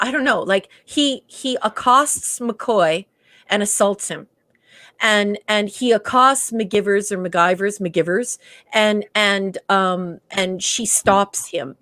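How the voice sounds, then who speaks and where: A woman discussing a TV episode in casual podcast talk, stopping and restarting often and trailing off softly. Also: mid-range voice, takes it slowly, no echo, studio quality. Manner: hesitant, many restarts and fillers, trails off softly. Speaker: guest co-reviewer.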